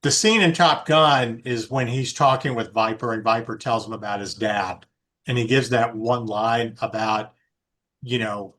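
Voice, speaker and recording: A man's voice: medium pitch, fairly even intonation, moderate pace, a bit bright. A man co-hosting a podcast, talking in a rambling way with many fillers and restarts. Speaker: podcast co-host. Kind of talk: casual chat.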